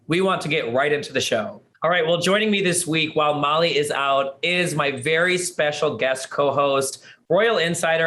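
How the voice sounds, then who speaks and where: Hoarse, upbeat man hosting a show. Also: fairly high pitch, bright, forceful tone. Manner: upbeat, chatty presenting. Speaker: host. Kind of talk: hosting an entertainment news show.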